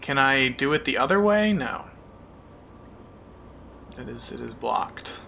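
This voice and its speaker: A man's voice: medium pitch, expressive, slow pace, vocal fry, sharp tone, a little hiss or hum. A man streaming a puzzle game in casual chat, frustrated and self-mocking, who swears often and thanks viewers as he plays. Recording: game stream with music behind.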